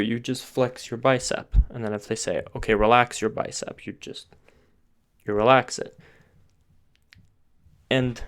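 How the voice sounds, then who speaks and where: A man teaching singing technique, explaining step by step and often restarting his sentences as he thinks aloud. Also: mid-range voice. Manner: talks with his hands, pointing to parts of his throat and face.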